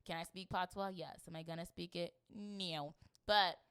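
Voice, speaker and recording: A young woman from a Jamaican family, co-hosting a podcast in casual, laughing chat and mimicking people in high voices. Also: fairly even intonation, moderate pace, a bit bright, clear, resonant tone. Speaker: podcast co-host.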